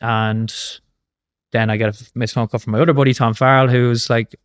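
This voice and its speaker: A man in his thirties with an Irish accent, a guest telling his story in a casual interview, animated and swearing casually, with lots of fillers. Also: medium pitch, a little fast, smooth. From Ireland. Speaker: guest, former rugby player.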